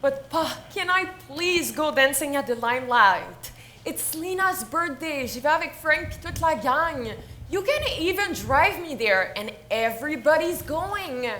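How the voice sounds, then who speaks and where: A woman's voice: high-pitched, animated, a little slow, bright, forceful tone, slight background noise, full character voice. A woman playing an eager, whiny teenage daughter, in stage play acting. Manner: whiny, pleading.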